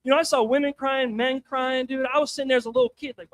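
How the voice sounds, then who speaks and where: A man's voice: very high-pitched, fairly even intonation, quick pace, few pauses, a bit bright, no room sound. A young man doing a crude, self-mocking stand-up set on a comedy showcase stage, talking casually with the crowd.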